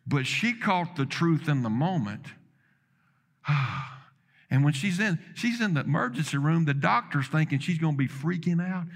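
A man preaching a sermon, telling a story dramatically with quoted dialogue, building to loud emphatic peaks and dropping low again. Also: animated, normal speed.

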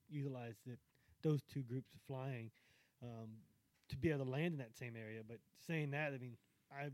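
Guy reminiscing in casual chat, stops and restarts a lot, dry sound, middle pitch. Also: darkish tone, no room sound.

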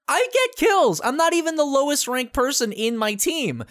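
A podcast co-host telling gaming stories in a loose, profane, animated way during casual chat. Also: high-pitched, moderate pace, no echo, clean studio sound.

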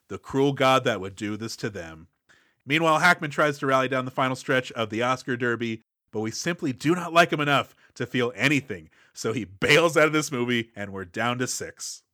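A man's voice: mid-range voice, lively intonation, moderate pace, pushed and bright, no room sound, clean studio sound. A man co-hosting a podcast, recapping a movie with wry, playful quips. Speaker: podcast co-host. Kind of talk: casual movie-recap chat.

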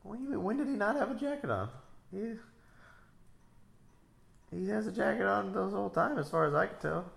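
A man's voice: high voice, animated, brisk, gravelly, pauses often, a bit bright. A man chatting casually and joking while watching a movie with a friend. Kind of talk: casual movie reaction chat. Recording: echoey room.

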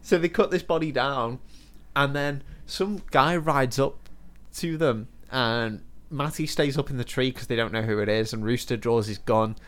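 A man's voice: mid-range voice, normal speed, few pauses. A man, co-hosting a podcast and casually retelling a film's plot between laughs. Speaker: podcast co-host. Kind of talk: casual film-recap chat.

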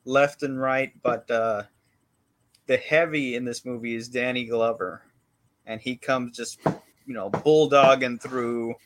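A man's voice: mid-range voice, steady tone, a little slow, a bit bright, slight background noise. A man co-hosting a podcast, giving a rambling, laid-back movie recap in casual chat. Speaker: podcast co-host.

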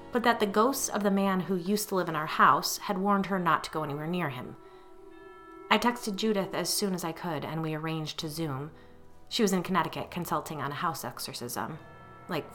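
A woman hosting a fiction podcast, reading a scripted story aloud and giving its characters lively voices. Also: deep voice.

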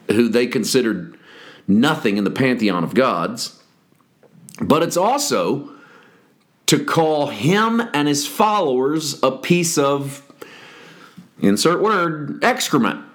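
A man talking through a passage of scripture on his podcast, taking his time over each point. His delivery is unhurried and deliberate, explanatory with a wry edge, at a mid pitch. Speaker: podcast host teaching scripture. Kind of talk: Bible study podcast talk.

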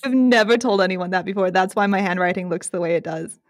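A woman's voice: mid-range voice, fast talker, no echo, clean studio sound. A young woman hosting a podcast, chatty and self-deprecating, laughing often. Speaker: podcast host. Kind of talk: casual chat.

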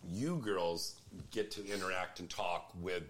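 A man's voice: sits low, unhurried, heavy background noise. A man hosting a call-in talk show, loose and crude in his joking banter. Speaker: radio show host.

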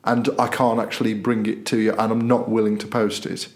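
A man's voice: fairly low pitch, fairly quick. A man, a newspaper editor hosting a local podcast, telling a long anecdote in casual chat and acting out the voices of the people in it. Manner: animated storyteller, acts out voices in quotes.

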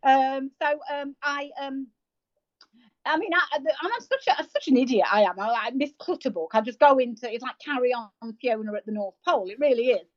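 A woman, telling stories as a podcast guest in a lively, self-mocking way, with plenty of fillers and restarts. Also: high voice, moderate pace, dry recording, lo-fi sound. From United Kingdom. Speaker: guest, marathon runner. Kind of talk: casual storytelling in an interview.

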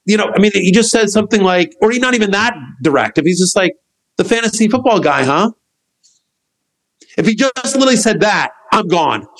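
A middle-aged man, a podcast guest, telling a long anecdote in an animated, rambling way, acting out what others said. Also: sits high, fast, few pauses, poor audio. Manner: animated, acts out quotes of others; rambling with restarts and fillers. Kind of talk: storytelling in a podcast conversation.

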